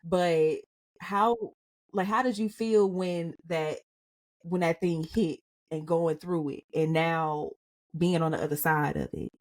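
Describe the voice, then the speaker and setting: A woman's voice: fairly low pitch, fairly even intonation, takes it slowly. A woman co-hosting a podcast, asking questions in a loose, rambling way with many fillers. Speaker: podcast co-host. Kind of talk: casual interview chat.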